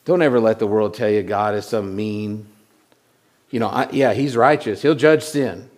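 A man preaching a sermon in a conversational way, often repeating words and swinging from loud lines to hushed ones. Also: lowish voice, moderate pace. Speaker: pastor.

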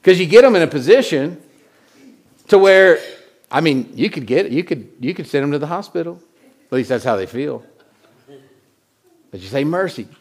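A man preaching a sermon in a conversational way, often repeating words and swinging from loud lines to hushed ones. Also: on the high side, expressive, moderate pace, long pauses. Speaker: pastor.

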